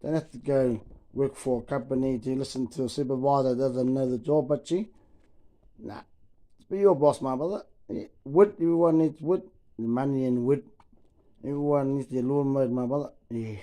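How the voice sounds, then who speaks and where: A man's voice: mid-range voice, fairly even intonation, moderate pace, mellow. Laid-back New man spinning yarns. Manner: laid-back, swears freely, calls people bro. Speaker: storyteller. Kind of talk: casual yarn-telling.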